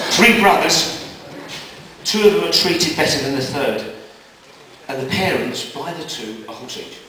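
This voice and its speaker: A man doing stand-up, telling jokes in a brisk storytelling manner and jumping his pitch up for quoted characters. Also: lively intonation, sharp tone. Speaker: stand-up comedian. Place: live comedy venue. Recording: echoey live room, mic at a distance.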